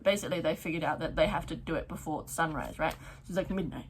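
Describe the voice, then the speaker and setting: Husky, chatty young woman vlogger. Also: deep voice, fast talker. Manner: chatty and excitable, full of "like" fillers. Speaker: book vlogger. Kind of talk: casual reading wrap-up chat. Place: at home, neighbour's garden noise outside.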